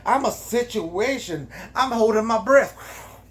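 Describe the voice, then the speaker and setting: A man's voice: on the high side, lively intonation, slow. A man playing a flustered, self-conscious young woman in a comic dramatic reading, gasping and mock-dramatic.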